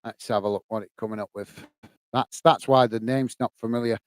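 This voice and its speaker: A man's voice: medium pitch, fairly even intonation, a little fast, smooth, dry recording. A man hosting a casual livestream, chatting to viewers, calling them mate, and reading out their comments. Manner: reads out chat comments. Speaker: livestream host.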